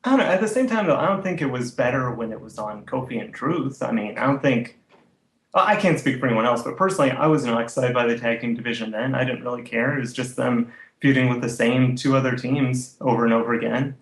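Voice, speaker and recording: A man's voice: mid-range voice, fast talker. A man on a podcast panel, giving his personal opinion candidly. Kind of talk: casual podcast debate. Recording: roomy echoey mic.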